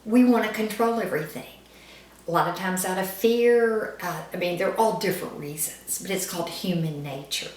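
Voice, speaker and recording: A woman giving a calm, reflective church devotional, repeating phrases in a meditative way. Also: lowish voice, normal speed, far from the mic. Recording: echoey room, voice off-mic.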